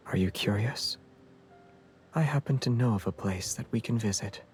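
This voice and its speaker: Guy voicing a calm soft-spoken game boyfriend, lowish voice, faint music behind. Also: moderate pace, lightly acted. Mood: gentle. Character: gentle, composed young male game love interest. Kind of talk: game voice acting.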